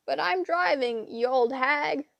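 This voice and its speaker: A cantankerous blind old hag behind the wheel, played by a woman reading a storybook. She screeches and grumbles in a high, dry, close voice, dragging her words slowly. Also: creaky, no room sound, lo-fi sound, exaggerated voice. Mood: cranky. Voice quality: screeching, complaining. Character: blind old gray sister, shrieking female cab driver.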